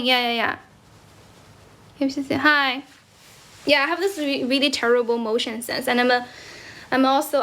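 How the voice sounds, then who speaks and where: This livestream host is a young woman from China with a high, sharp voice. She squats indoors as she chats casually in both English and Chinese, laughing frequently and thanking her viewers for gifts.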